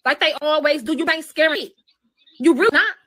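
A woman's voice: high-pitched, brisk, a bit bright. Cursing, confrontational woman on a live stream. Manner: cursing, confrontational, dialect-heavy. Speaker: live-stream influencer in a played clip. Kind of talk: heated live-stream rant.

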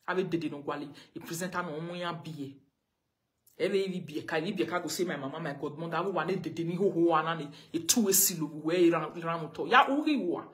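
A woman with a Nigerian accent, ranting on a live video and scolding someone with the same pointed questions again and again. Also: on the low side. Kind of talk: confrontational live rant.

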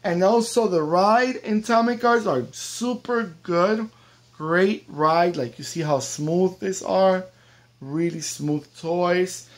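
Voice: mid-range voice, takes it slowly. An American toy collector reviewing a diecast model car in a casual vlog, chatty and enthusiastic, with the odd joke. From United States.

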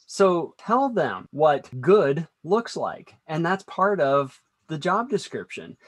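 A man who is a business consultant, a guest in a podcast interview, explaining his points in a steady, instructive way. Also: on the high side, takes it slowly, husky, dry recording. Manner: steady, explanatory, draws on teaching music. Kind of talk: conversational interview.

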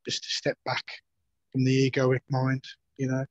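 A man in a meditation course sharing a personal reflection over a video call, earnest and halting, his voice a little hoarse. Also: medium pitch, monotone, dry recording. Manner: halting, many fillers and restarts, earnest. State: slightly hoarse. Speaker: course participant. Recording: dull, dry lo-fi call audio.

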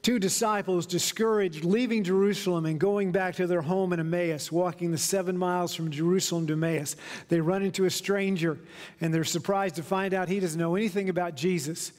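A man preaching from the pulpit, telling stories and now and then slowing down for emphasis. His voice sits high, and the church hall around him carries a long reverb. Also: steady tone, darkish tone. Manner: storytelling preacher, slows down for emphasis. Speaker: pastor. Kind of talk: sermon. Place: church sanctuary.

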